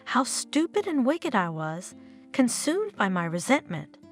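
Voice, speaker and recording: A woman's voice: fairly high pitch, sing-song, measured pace, soft background music. A woman reading the lines of an anxious, emotional young mother in a story.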